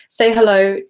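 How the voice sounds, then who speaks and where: A British woman hosting a casual live stream, reading viewer comments aloud in a chatty way on a stereo recorder, at times dropping into soft whispers. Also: medium pitch, clean tone. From Britain. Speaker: ASMR channel host. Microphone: stereo handheld recorder.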